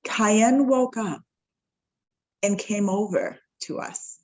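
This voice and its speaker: A woman in her forties shares a personal story as a podcast guest. Her pitch sits in the middle range for a woman. She slips into quoted dialogue with lively shifts in tone, then slows down when she gets reflective. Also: poor audio. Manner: animated, reenacts dialogue with quick shifts in tone; reflective and heartfelt, slows down at key moments.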